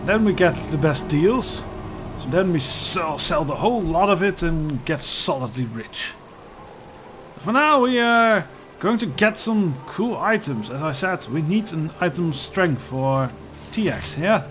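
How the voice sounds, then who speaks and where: A man's voice: fairly high pitch, very animated, a little slow, a bit bright, faint music behind. A man casually chatting and joking as he narrates his video game playthrough. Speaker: let's-play host.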